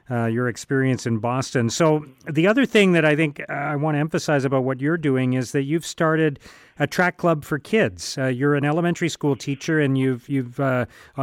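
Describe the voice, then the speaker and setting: Host: man of medium pitch, conversational, stumbling on repeated words, dry close sound. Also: dry recording. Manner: repeats words when starting sentences. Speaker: interview host. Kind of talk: conversational interviewing.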